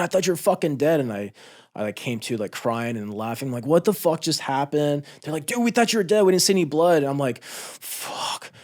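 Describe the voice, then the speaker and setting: A man in his thirties, a former Marine, telling a combat story in a candid, profane, intense way on a podcast. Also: on the low side. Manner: intense, profane, re-enacts shouts. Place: podcast studio.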